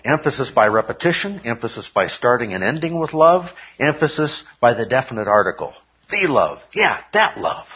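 This husky, mid-range male voice belongs to a preacher delivering a sermon during a church service. He walks his congregation through the teaching one step at a time, frequently asking "okay?" The audio has a dull, lo-fi quality.

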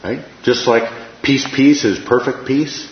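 A man's voice: mid-range voice, measured pace, slight background noise. A man leading an informal Bible class, talking conversationally, repeating phrases and checking in with "right?". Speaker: Bible study teacher. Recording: echoey room, dull lo-fi sound.

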